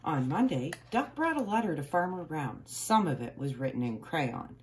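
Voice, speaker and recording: A woman reading a children's picture book aloud, with expressive, playful emphasis on the story's sound words. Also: low-pitched, normal speed, a little hiss or hum.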